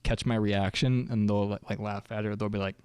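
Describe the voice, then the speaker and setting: A man's voice: on the low side, fairly even intonation, a little fast, darkish tone, clean tone. A young man co-hosting a casual podcast, rambling loosely with lots of fillers and unfinished thoughts. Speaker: podcast co-host. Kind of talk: casual chat.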